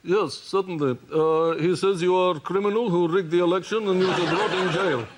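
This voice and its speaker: A man playing a formal, deadpan male interpreter in an improvised comedy sketch. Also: sits high, fairly quick, close to an everyday voice. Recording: loud background noise.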